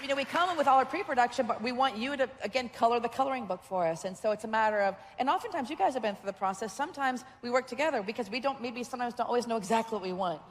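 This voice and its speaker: Chatty woman panel host, high voice. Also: very fast, hardly any pauses, some chatter behind. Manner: chatty, laughing, teasing. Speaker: voice director on a game panel. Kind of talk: casual panel chat. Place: convention hall stage. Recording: long reverb from a convention hall stage.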